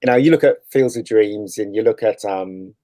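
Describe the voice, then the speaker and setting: Relaxed rambling man, dry sound. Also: lowish voice, normal speed, no room sound. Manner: relaxed, rambling, laughs often. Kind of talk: casual chat.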